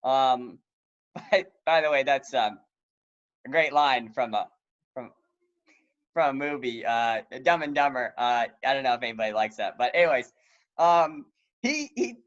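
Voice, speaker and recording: High-voiced man chatting with fillers. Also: dull audio. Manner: animated, laughing, lots of fillers. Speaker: podcast co-host. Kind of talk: casual chat.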